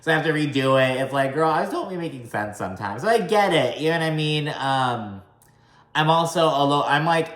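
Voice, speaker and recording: A man recapping a reality show in a casual, profane vlog, talking fast and slurring words together, with a slight country twang. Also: a little high, animated, a bit bright, reverberant. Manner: chatty, swears often, says "like" a lot.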